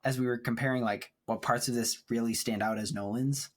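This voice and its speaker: A man's voice: medium pitch, fairly even intonation, fairly quick. A man co-hosting a film podcast, talking in a thoughtful, rambling way with frequent laughs. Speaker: podcast co-host. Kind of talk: casual chat. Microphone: remote recording setup.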